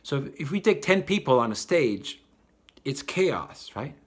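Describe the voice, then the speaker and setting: A man speaks in a spiritual talk, his voice sitting in an ordinary middle pitch. He is animated, swinging from quiet, low asides to loud, excited bursts as he acts out the people he describes. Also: a little slow. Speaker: spiritual teacher.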